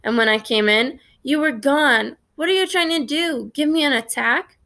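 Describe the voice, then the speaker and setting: Brief: woman reading fussy scolding neighbor lady, gravelly, fairly high. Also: normal speed, bright, forceful tone.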